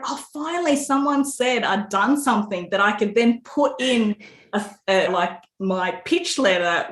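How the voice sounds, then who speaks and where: Animated woman storyteller, roomy sound. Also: mid-range voice. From Australia. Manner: animated storyteller, laughs often, many restarts. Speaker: author guest. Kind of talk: casual interview chat. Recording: roomy echo.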